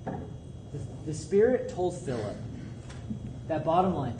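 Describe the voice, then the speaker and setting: A man's voice: high voice, very animated, a little slow, long pauses, a little mellow. A man preaching a youth sermon in a conversational, earnest way, repeating phrases for emphasis. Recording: distant mic with faint background noise.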